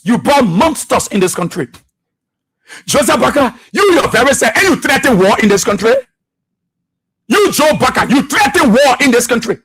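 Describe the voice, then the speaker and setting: A Liberian man on a radio talk show hammers his targets with repeated accusing questions. His voice sits very high and cuts through with a sharp, bright edge, and a husky grain runs under it. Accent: Liberian English. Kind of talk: political talk radio commentary. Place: radio studio.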